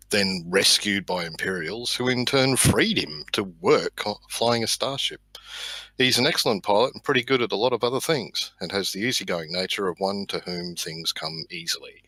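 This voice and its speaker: A low-voiced man with a bright, husky edge reads his character's backstory to the table. The sound is dry and close, and he moves steadily through the text with the odd stumble. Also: no echo, rough recording. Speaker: player. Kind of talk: reading a character backstory aloud. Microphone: online voice call.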